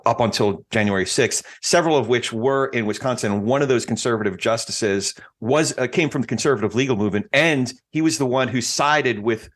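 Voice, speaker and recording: A man hosting a casual podcast, joking easily and halting with ums and restarts as he makes his points. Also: medium pitch, a bit bright. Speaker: podcast host.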